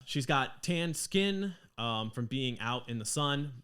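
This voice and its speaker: Bright, lively game master man. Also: medium pitch, slow, clear, resonant tone. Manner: lively, rambling narration with many ums. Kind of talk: narrating a tabletop game.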